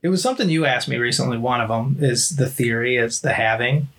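A man's voice: mid-range voice, lively intonation, brisk, a bit bright. A man co-hosting a podcast, patiently explaining a subject through everyday comparisons in casual chat. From United States. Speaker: podcast co-host.

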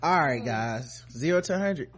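A man's voice: medium pitch, animated, moderate pace, a crowd in the background. A man hosting a podcast, joking loosely and laughing often. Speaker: podcast host. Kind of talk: casual podcast banter.

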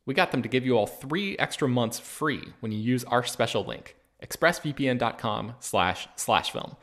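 A man hosting a film news podcast in a relaxed way, with many ums and uhs. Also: mid-range voice, unhurried. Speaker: podcast host and film editor. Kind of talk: casual podcast chat with read ads.

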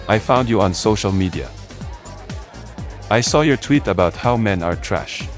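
A man playing a creepy fake male feminist who hits on a woman with oily, sleazy flattery in a comedy sketch. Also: on the low side. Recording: music under the voice.

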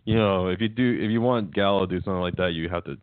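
A man's voice: low-pitched, very fast, clear, resonant tone, no room sound. A man, co-hosting a casual sports chat, rambling and restarting his sentences. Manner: rambling, restarts often, laughs at own jokes. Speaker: podcast co-host. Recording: tinny phone-like line, dry.

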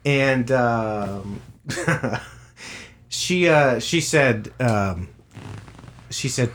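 A man's voice: mid-range voice, expressive, very slow, pauses often, fairly bright tone, slight background noise. Crude, exasperated man telling a story. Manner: crude, exasperated, swears constantly. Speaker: podcast co-host telling a retail story. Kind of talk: casual profane storytelling. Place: podcast studio.

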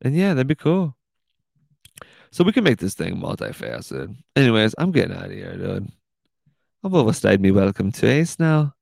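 Gravelly, mid-range and a little mellow, with no room sound, this podcast host rambles through a casual monologue on his own show. He's goofy and keeps saying "dude" constantly.

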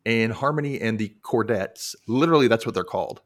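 Animated man retelling an episode. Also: on the low side, brisk. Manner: animated, acts out quotes in playful voices. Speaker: podcast host. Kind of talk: casual recap chat.

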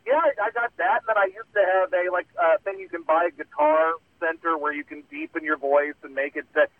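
A man on the high side with a steady tone talks fairly quickly as a call-in radio guest. It is a casual chat: rambling, self-mocking and packed with fillers, all heard over a tinny phone line.

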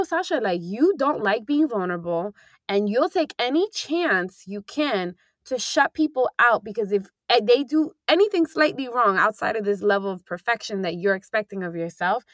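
A woman's voice: mid-range voice, lively intonation, moderate pace, a bit bright, dry recording. Young woman, casual chat, candid, rambling, swears now and then, dry close sound.

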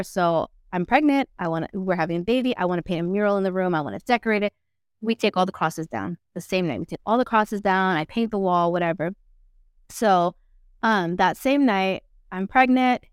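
A young woman telling a story as a podcast guest, in a blunt, slangy way with lots of swearing, acting out quotes with big swings in pitch. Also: clear, resonant tone, dry recording, clean studio sound. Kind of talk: casual storytelling.

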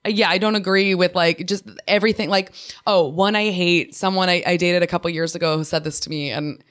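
A woman comedian and author talking candidly as a podcast guest, emphatic and self-deprecating, with lots of "like" and quick restarts. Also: fairly low pitch, fairly even intonation, fairly bright tone. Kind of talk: candid conversational interview.

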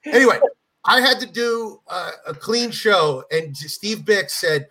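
A middle-aged man spins a comic anecdote in relaxed conversation, slipping into voices for the people in it. His voice sits high and has a bright edge. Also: a little slow. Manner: animated storyteller, acts out voices in anecdotes. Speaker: comedian guest. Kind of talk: casual storytelling chat.

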